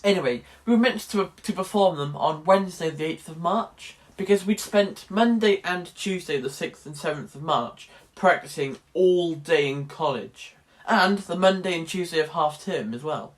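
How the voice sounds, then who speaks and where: Wry teenage lad vlogging. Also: male voice, on the high side, expressive, normal speed, few pauses. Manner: chatty and wry, restarts sentences. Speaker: drama student vlogger. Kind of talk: casual vlog chat.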